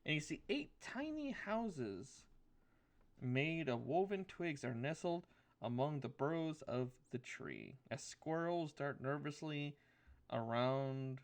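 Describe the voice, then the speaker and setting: A man narrating as dungeon master in a tabletop game. He speaks slowly at a middle pitch and stumbles through fillers and restarts as he describes the scene. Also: lively intonation, gravelly. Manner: hesitant, filler-heavy narration.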